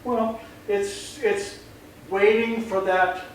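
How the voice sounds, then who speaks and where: Animated guy dog trainer, pretty high voice, recorded from across an echoey room. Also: very slow. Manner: animated, acts out voices mid-sentence. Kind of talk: casual explaining. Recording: echoey room, distant mic, faint noise.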